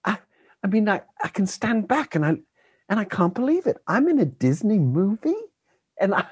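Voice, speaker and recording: A man's voice: high voice, sing-song, normal speed, breathy edge, no echo, pitched above the performer's own voice, full character voice. A man doing an awestruck twelve-year-old boy. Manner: breathless, gushing repetition.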